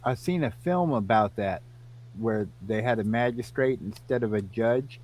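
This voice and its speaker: A man from Iowa telling an animated story to friends, acting out both sides of the conversation. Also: medium pitch, moderate pace. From Iowa, United States. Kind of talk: casual storytelling among friends.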